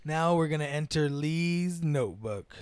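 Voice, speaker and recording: A man with a high, smooth and resonant voice chats about movies with easy excitement. He laughs often and swears freely. The sound is close and dry, with no room around him. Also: a little slow, no room sound. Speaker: podcast co-host. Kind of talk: casual movie review chat.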